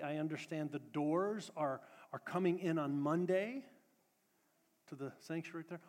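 Pastor, male, fairly high voice, sermon in a sanctuary, emphatic repetition mixed with relaxed announcements. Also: long reverb tail. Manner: preaching with rising emphatic repetition, then casual announcements. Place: church sanctuary.

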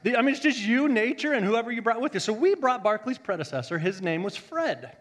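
A male pastor telling a story in a sermon, joking and animated, swinging from loud bursts to hushed tones. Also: extremely high pitch, brisk, in a large hall.

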